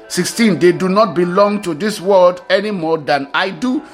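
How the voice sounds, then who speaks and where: A man's voice: high-pitched, animated, moderate pace, soft background music. A man preaching a sermon, reading scripture aloud and repeating key phrases with emphasis.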